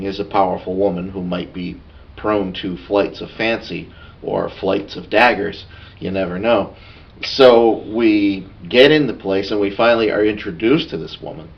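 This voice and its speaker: A man with a fairly low voice talks through a tabletop game session, rambling and breaking into asides as he goes. The sound is dull and lo-fi, like an older home podcast recording. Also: creaky. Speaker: podcast co-host. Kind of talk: casual recap of a tabletop game.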